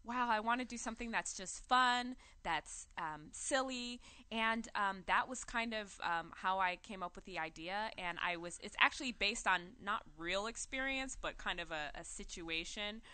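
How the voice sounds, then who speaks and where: Woman, radio guest, talkative, giggly, bright sharp tone. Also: medium pitch, moderate pace, hardly any pauses, smooth, no room sound. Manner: talkative, giggly, many fillers. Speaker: actress and producer guest. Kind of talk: radio interview.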